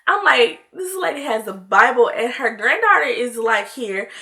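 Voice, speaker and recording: A woman's voice: fairly high pitch, very animated, moderate pace, creaky, pushed and bright. A woman vlogger telling a story in casual chat, with laughing asides to her viewers.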